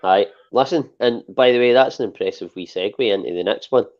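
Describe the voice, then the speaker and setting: A Scottish man with a low voice hosts a football podcast in a relaxed, chatty way, full of fillers. The sound is muffled and lo-fi. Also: fairly quick. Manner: chatty, with lots of fillers like "obviously". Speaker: podcast host. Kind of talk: casual football podcast chat. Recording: dull lo-fi podcast audio.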